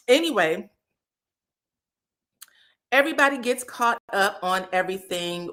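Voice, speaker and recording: Chatty gossiping woman recapping TV. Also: medium pitch. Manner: chatty and gossipy, acts out quotes in animated voices. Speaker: reality TV recap host. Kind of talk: casual recap commentary.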